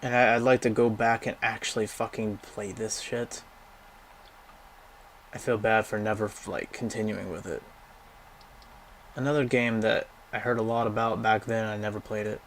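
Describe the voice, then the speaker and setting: A man's voice: lowish voice, little pitch movement, normal speed, long pauses, slight background noise. A young man casually rambling through a game library, giving blunt, profane opinions and going off on tangents. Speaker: gaming vlogger.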